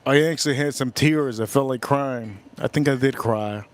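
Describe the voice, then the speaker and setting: A man from the United States hosting a casual livestream, repeating himself often and giving emotional, rapid shout-outs to his viewers. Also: medium pitch, a little hiss or hum. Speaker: livestream host.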